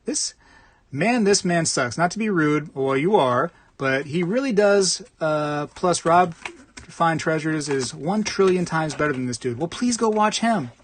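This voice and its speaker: Rambling American livestream host. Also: male voice, on the high side, animated, a little slow. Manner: rambling, repeats phrases, laughs often. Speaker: coin roll hunting livestream host. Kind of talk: casual livestream chat reading comments.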